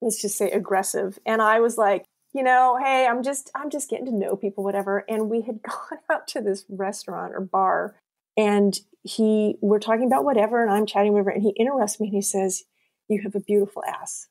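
A woman writer appearing as a podcast guest tells personal stories during a casual interview, speaking a little fast in a mid-range voice. She's animated, laughs a lot, and acts out what other people said.

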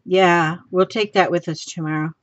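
A woman's voice: on the low side, normal speed, no echo, highs cut off. A woman making a casual craft vlog at home, gushing and exclaiming over her supplies. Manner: gushing, excitable, exclaims often. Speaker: craft vlogger.

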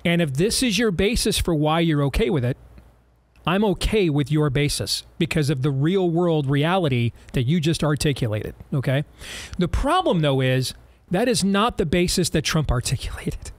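A man hosting a political talk radio show, talking emphatically with sarcastic, rapid-fire riffs. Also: fairly high pitch, lively intonation.

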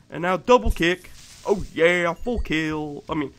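High-voiced man yelling gameplay commentary. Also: unhurried. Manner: excitable, profane, yells at game monsters. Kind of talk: let's play commentary.

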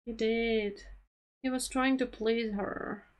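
Slow-talking woman reacting to anime. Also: fairly high pitch, steady tone, lo-fi sound. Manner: emotional, talks to the screen, laughs often. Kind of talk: casual reaction commentary.

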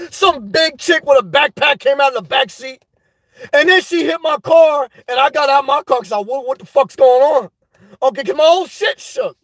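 High-pitched guy ranting on his live stream, loud and animated, swears a lot, dry close sound. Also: no echo. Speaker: livestream host reading chat. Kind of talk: casual livestream rant.

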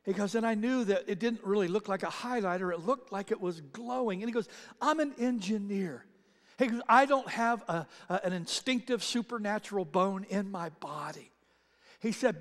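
A man's voice: sits high, normal speed. A man preaching a sermon as pastor, telling stories and retelling other people's words, with frequent restarts. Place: church sanctuary. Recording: reverberant church hall.

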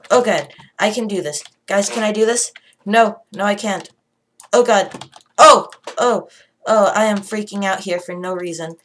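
Woman gaming commentator, frantic and excitable, repeats lines under pressure, mid-range voice. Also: medium pitch. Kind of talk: live gameplay commentary.

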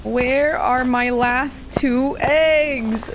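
A woman's voice: high-pitched, extremely slow, background noise. A woman gaming streamer chatting casually with friends during a spooky multiplayer game, playful, giggly and easily spooked. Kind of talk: casual gameplay chat.

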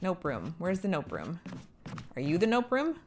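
A woman's voice: fairly low pitch, huge pitch swings, normal speed, darkish tone, slight background noise. A young woman streaming a game, playful and swearing freely as she chats with viewers. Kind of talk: casual live gameplay commentary.

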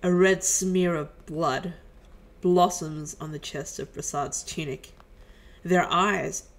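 Slow, gravelly woman reading a script. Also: fairly even intonation, a little hiss or hum, poor audio. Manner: low-key, chuckling asides. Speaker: channel host reading a film script. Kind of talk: script reading with casual asides.

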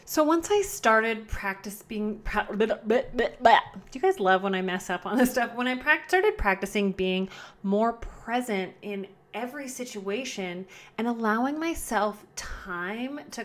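A woman hosting her own podcast from home, chatting casually and repeating herself, often slowing down on purpose. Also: medium pitch. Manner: chatty, repetitive, self-correcting, slows down to model calm breathing. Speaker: podcast host. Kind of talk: casual solo podcast talk. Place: at home indoors. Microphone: camera close by.

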